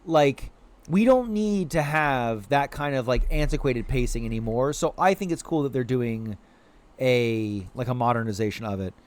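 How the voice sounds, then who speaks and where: A man's voice: medium pitch, moderate pace. A man live-streaming a video game, rambling casually to his chat with many filler words and cooing at the creatures on screen. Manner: animated, rambling, heavy "like" fillers; coos playfully at game creatures.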